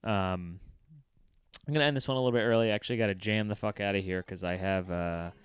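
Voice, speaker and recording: A man's voice: fairly low pitch, fast. A man hosting his comedy podcast, rambling through a profane, offhand solo monologue. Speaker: podcast host.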